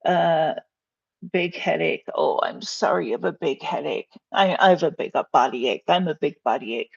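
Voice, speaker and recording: A woman's voice: deep voice, animated, normal speed, gravelly, breathy edge, muffled recording. A middle-aged woman in a rambling casual livestream at home, talking to her chat and her dogs with lots of fillers and laughs. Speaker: YouTuber live-streaming. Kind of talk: casual livestream chat, reading comments aloud.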